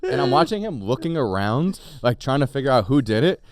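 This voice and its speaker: A man's voice: mid-range voice, fairly quick, crowd noise. A man, a comedian co-hosting a podcast, telling crude stories in casual chat. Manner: crude, animated storytelling with quoted voices.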